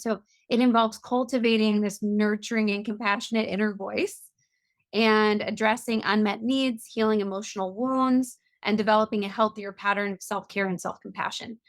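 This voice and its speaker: A woman's voice: mid-range voice, no room sound. A middle-aged woman, a compassion coach, explaining earnestly in a podcast interview. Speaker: guest, compassion coach and author.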